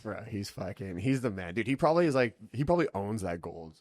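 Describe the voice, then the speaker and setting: Laid-back podcast host from Kansas. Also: male voice, fairly low pitch, sing-song, fast, darkish tone, no room sound, studio quality. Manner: laid-back, swears often, peppers talk with "bro" and "dude". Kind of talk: casual podcast chat.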